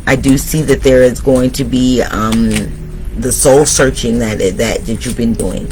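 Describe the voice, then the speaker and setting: A man reads tarot for his audience in an encouraging, preaching way, talking straight to them. His voice sits at a middle pitch. A faint hiss of noise runs under the recording. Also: steady tone, unhurried, a little mellow, rough recording. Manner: motivational, addresses viewers directly. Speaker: tarot reader. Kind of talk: spiritual tarot reading to viewers.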